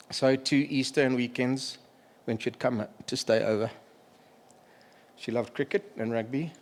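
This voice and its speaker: In a mid-range voice with a darkish tone, a middle-aged man offers a memorial eulogy for a family member. His delivery is halting and emotional, broken by pauses to clear his throat.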